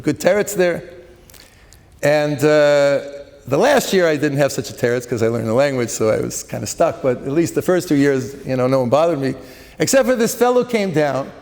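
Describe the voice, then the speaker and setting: A middle-aged man, a rabbi, telling stories in an animated way during a seminar talk, sprinkled with Hebrew and Yiddish terms. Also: fairly high pitch. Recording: long hall reverb.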